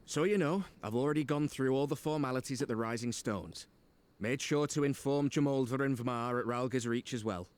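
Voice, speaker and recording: An actor with a Northern English accent playing an earnest, loyal young soldier in a game cutscene, his voice a little rough around the edges. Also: medium pitch, a little fast, natural voice. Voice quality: slightly rough-edged voice.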